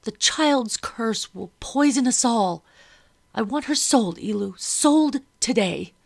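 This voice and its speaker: A woman voicing a shrill, furious mistress of a house who screams and commands. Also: moderate pace, creaky, a bit bright.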